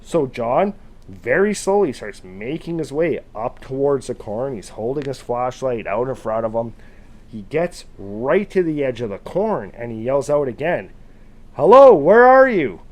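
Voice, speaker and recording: A man casually retelling a true scary encounter, loosely phrased with fillers, now and then shouting out quoted calls. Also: medium pitch, animated, measured pace. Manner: casual, conversational, with fillers like "kind of" and "like". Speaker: storyteller.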